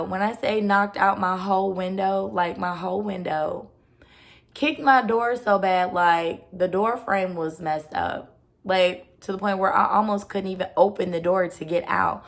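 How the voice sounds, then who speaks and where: A woman's voice: medium pitch, unhurried. A woman vlogger telling a personal story in a blunt, casual rant, swearing freely and filling her talk with "like". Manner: blunt, profane, heavy use of "like".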